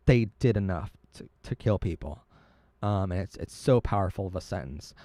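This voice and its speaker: A man's voice: low voice, lively intonation, moderate pace, dark tone, no echo. A man hosting a live stream, talking earnestly and emotionally, often stumbling and restarting his words. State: tearing up. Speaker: livestream host.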